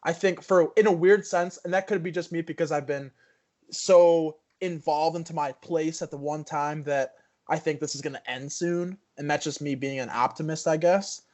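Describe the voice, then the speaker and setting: A man's voice: a little high, steady tone, normal speed, darkish tone. A man co-hosting a podcast, casually raising a topic in a rambling way with many restarts. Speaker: podcast co-host. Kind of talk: casual chat.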